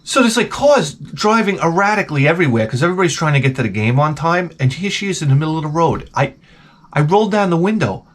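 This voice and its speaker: A man's voice: on the high side, big pitch swings, fast talker. A middle-aged man ranting profanely and animatedly as he tells a comedic story to his camera at home. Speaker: vlogger.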